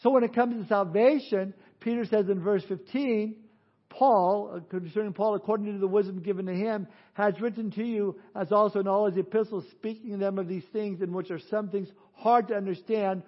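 A man's voice: high-pitched, steady tone, moderate pace, highs cut off. A man preaching an earnest sermon as a pastor, building to emphatic peaks.

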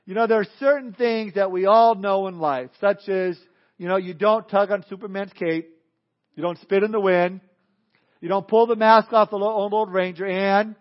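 High-voiced male pastor preaching. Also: moderate pace. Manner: folksy, joking storyteller. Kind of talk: sermon. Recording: dull lo-fi recording.

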